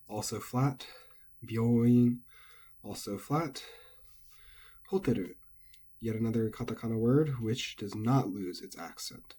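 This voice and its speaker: A man casually and methodically explaining Japanese pitch accent word by word as a language teacher. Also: warm tone, slightly rough.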